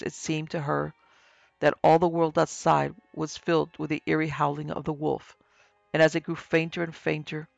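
A man narrating a horror story in a steady, even reading pace. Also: a little high, vocal fry, no room sound, lo-fi sound.

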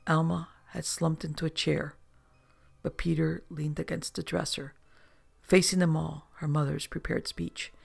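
A narrator reading a literary story in a measured, restrained way. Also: mid-range voice, little pitch movement, gravelly, husky.

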